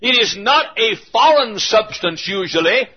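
A man preaching a sermon, telling folksy stories and swinging between hushed asides and emphatic points. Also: sits high, animated, measured pace, breathy edge. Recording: muffled lo-fi recording.

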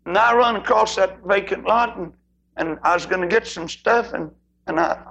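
A man's voice: high voice, vocal fry, pushed and bright, dull audio, pitched above the performer's own voice, exaggerated voice. A man voicing a crying little boy who stumbles over his words as he explains lost money in a sermon story. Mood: tearful. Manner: halting, stumbling repeats.

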